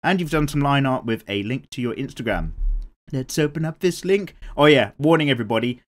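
A young British art channel host with an animated, mid-range voice reads out viewer comments on his drawing show. He talks a little fast in a rambling, casual way, swearing freely and laughing often.

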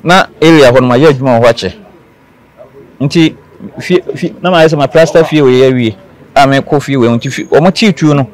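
A man from Ghana speaks as an interview guest, recounting what happened to him. He talks earnestly at a middle pitch, often repeating phrases to drive a point home. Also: fast, a little hiss or hum. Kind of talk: telling a personal story.

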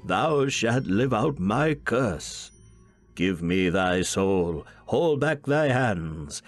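A man voicing a grizzled old man from a dream who demands a soul, slow and commanding. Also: on the low side, very animated, faint music behind, heavily acted. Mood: menacing.

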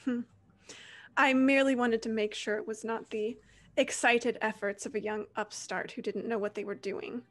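A woman running a tabletop game as game master, playful and quick to laugh. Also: a little high, steady tone. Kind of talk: narrating and voicing a tabletop game.

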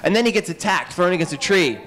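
A man, an author and illustrator, tells myths to children in an animated, joking way, full of quick asides. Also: high voice, long reverb tail, low-quality recording. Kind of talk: lively storytelling talk to children. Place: public library event room.

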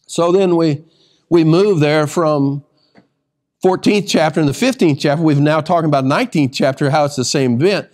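A man's voice: fairly high pitch, moderate pace, darkish tone. A man teaching a Bible study sermon, emphatic, reading scripture aloud and often restarting phrases.

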